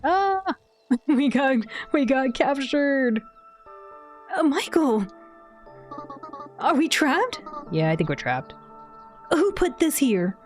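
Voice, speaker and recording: A woman voicing an excitable young heroine from a game, with a shrill, squealing delivery. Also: slow pace, long pauses, faint music behind, full character voice. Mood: alarmed.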